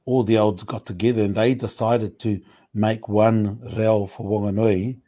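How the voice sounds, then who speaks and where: A man talking in a relaxed, thoughtful way during a casual discussion, pausing often with fillers. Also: on the low side. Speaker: panel speaker.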